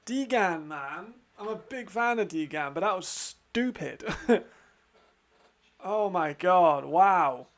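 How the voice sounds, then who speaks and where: A man hosting a football watch-along, commenting live with excitement, frequent swearing and laughter. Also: sits high, takes it slowly.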